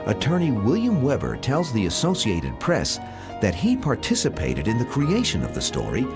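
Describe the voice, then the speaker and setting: A man reading scripted documentary narration in a measured, dramatic delivery. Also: mid-range voice, huge pitch swings, over music.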